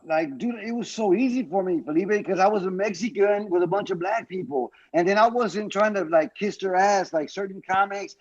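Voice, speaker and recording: A man, a guest comedian on a podcast, telling stories in casual chat, profane and animated, acting out what others said. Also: high voice, normal speed, few pauses, muffled recording. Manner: animated storytelling, profane, acts out quotes.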